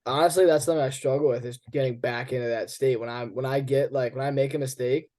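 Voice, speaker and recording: Guy getting coached, talks fast and a bit unsure, mellow voice, kinda far off mic. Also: medium pitch, fairly even intonation. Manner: hesitant, quick answers. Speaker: player being coached. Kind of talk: casual chat.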